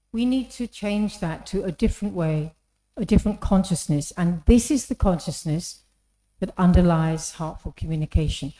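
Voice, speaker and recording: In an echoey hall, a speaker with a mellow, medium-pitched voice delivers an inspirational talk, drawing listeners in through storytelling and frequent questions to the audience.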